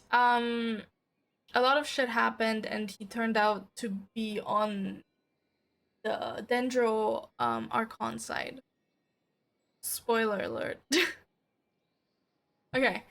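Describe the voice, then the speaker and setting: A woman streaming a video game, talking casually in an excitable way, swearing freely and laughing often. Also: a little high, slow, vocal fry, pauses often. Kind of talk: casual gaming livestream.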